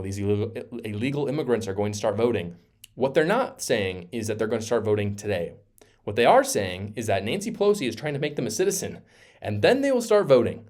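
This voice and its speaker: A man's voice: mid-range voice, darkish tone. A man hosting a political commentary video, heated and sarcastic, hammering his points with repetition. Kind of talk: opinion commentary vlog.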